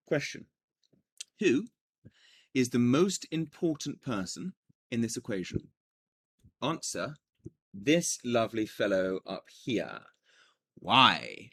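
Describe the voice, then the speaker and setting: A man teaching a coaching lesson in an energetic, animated way, with joking asides. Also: mid-range voice, slightly rough. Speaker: business coach.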